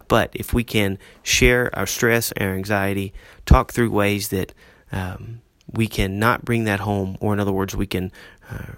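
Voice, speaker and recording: A middle-aged man with a low, gravelly voice speaks as a pastor hosting his own podcast. He talks earnestly, repeats his key questions and often pauses on "uh". The sound is close and dry, with no room around it. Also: a bit bright, no room sound. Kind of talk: solo podcast talk on marriage.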